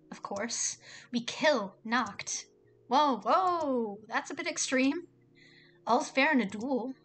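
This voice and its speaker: A young woman with a somewhat high voice plays a visual novel on a live stream from home. She reads the story lines aloud, then drops into loose, chatty asides and mock exasperation at the game. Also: fairly bright tone.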